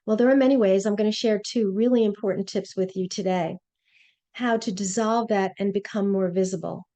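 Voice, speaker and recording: Warm, earnest woman coaching on presence. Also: mid-range voice, fairly even intonation, fairly quick. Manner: earnest, personal storytelling. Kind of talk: motivational webinar talk.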